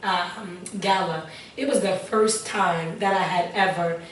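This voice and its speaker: A woman's voice: lowish voice, steady tone, a little slow, recorded from a distance. An earnest woman, an interview guest, telling her personal testimony with prayerful asides and repeated phrases. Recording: echoey room, voice a little off-mic, faint background noise.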